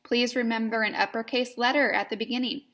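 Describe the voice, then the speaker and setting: A woman teaching young children in a slow, clear, patient way, spelling words out letter by letter in a sing-song manner. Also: on the high side, steady tone, a bit bright. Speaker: kindergarten teacher.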